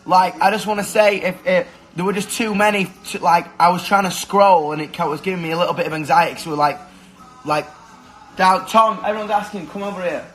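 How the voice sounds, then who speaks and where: A young man chatting casually on a phone livestream from his kitchen, excitable, swearing a lot and shouting to his friends. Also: sits high, brisk, faint music behind, low-quality recording. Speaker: musician hosting a livestream. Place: kitchen at home. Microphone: phone camera.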